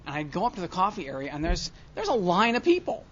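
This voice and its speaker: A man speaking at a recovery meeting, telling a self-mocking story to an audience and swinging from quiet asides to loud comic rants. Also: high voice, wildly swooping pitch, fast talker, slight background noise. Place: large convention hall with audience. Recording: dull lo-fi live hall recording, faint crowd.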